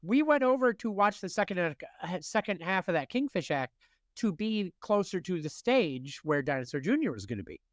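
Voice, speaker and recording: A man around forty, co-hosting a podcast, telling animated stories in casual chat with laughs. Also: high voice, moderate pace, dry recording, clean studio sound. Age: late 30s to early 40s. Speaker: podcast co-host.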